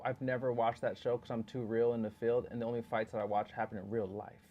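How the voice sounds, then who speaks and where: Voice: medium pitch, level tone, fast talker, dull audio. A podcast co-host talking about a movie in casual chat, joking and self-deprecating, with long rambling asides.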